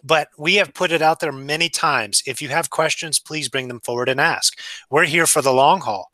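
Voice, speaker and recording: A man's voice: fairly high pitch, moderate pace, pushed and bright, no echo. A man who trains restaurant staff, speaking bluntly and emphatically in a casual podcast chat, swearing freely. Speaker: food safety trainer.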